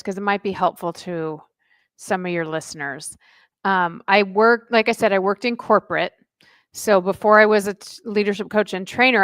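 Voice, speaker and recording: A middle-aged woman, a life coach, telling a lively personal story as a podcast guest, acting out the dialogue. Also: medium pitch, no echo. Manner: chatty, animated storyteller who acts out dialogue. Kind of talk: casual interview storytelling.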